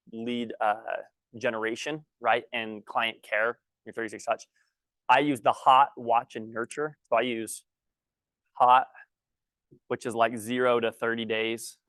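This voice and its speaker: A man teaching a workshop, a little out of breath, talking in halting bursts with many restarts while he writes on a board. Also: medium pitch, a bit bright, no room sound. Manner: halting, restarts sentences often. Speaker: guest trainer.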